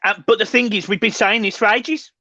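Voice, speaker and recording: A man's voice: high-pitched, fairly even intonation, a little fast, bright, forceful tone, no echo. A man co-hosting a fan channel, agitated and swearing, stumbling over words in a football reaction chat. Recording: dry, dull lo-fi sound.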